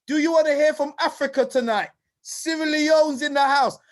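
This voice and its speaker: A man from the United Kingdom hosting a live online event with lively, hyped-up energy, often calling people "brother" and "King.". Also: very high voice, moderate pace. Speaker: host and presenter.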